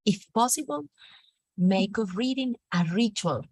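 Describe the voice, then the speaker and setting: A woman teacher with a Colombian accent, reading a storybook aloud to a class with expressive, animated delivery before moving on to teaching. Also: mid-range voice, a little slow, no room sound. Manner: expressive, animated read-aloud with acted character lines. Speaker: teacher leading a reading workshop.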